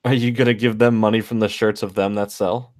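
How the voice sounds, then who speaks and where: A man's voice: lowish voice, level tone, brisk, a little mellow. A man chatting casually on a stream, teasing his friend and swearing often. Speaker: guest friend.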